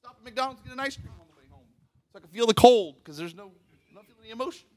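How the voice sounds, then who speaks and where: A middle-aged male pastor preaching a Pentecostal sermon into a microphone in a church, talking conversationally and then swelling into loud, fervent bursts. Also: very high voice, expressive, racing. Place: church sanctuary. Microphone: handheld microphone at the pulpit.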